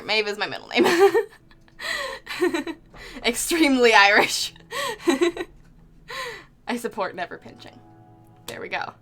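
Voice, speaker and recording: A woman's voice: mid-range voice, lively intonation, normal speed, long pauses, pushed and bright. A young woman streaming live while painting, chatting casually, reading out chat messages with lots of fillers and little laughs.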